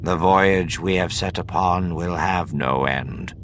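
A man voicing a mind-controlled general in an audiobook, speaking slowly and dutifully. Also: low-pitched, fairly bright tone, a little hiss or hum, exaggerated voice. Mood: subdued. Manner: slow, subdued, dutiful. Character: mind-controlled male general, flat and obedient. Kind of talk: audiobook narration.

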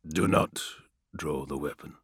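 A man voicing a deep, emotionless armoured assassin. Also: breathy edge, no echo, clean studio sound, heavily acted. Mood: cold. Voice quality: very deep, resonant, flat. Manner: cold, measured, without emotion. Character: towering inhuman male assassin in golden armour, cold and emotionless. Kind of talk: audiobook character voice.

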